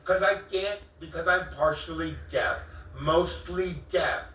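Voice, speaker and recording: A man with a bright, slightly high voice that keeps cracking asks the same questions again and again, slowly and with mounting exasperation. He sounds a little distant from the mic in an echoey room. Faint room ambience sits behind him. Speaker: vlogger confronting a friend. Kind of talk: heated confrontation on camera.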